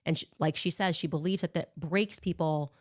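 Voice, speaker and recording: Woman, low voice, accusatory, combative statement, dry close sound. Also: fairly even intonation, moderate pace, dry recording. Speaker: commentator. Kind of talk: recorded statement.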